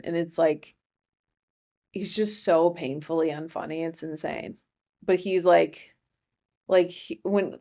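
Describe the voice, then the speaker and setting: A young woman hosting a comedy podcast, rambling through a casual monologue with deadpan asides and frequent self-interruptions. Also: on the low side.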